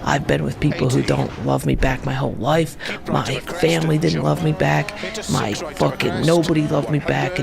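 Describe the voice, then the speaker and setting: A man's voice: on the high side, creaky. A man voicing his harsh, scornful inner bully, a jacked guy who scolds and repeats himself. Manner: scolding, insistent, repetitive. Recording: music playing behind.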